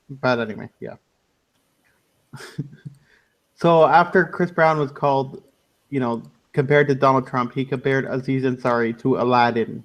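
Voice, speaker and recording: A man's voice: medium pitch, normal speed, long pauses. A man hosting a casual online radio chat, loose and laughing, often trailing off into mumbles. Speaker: podcast host.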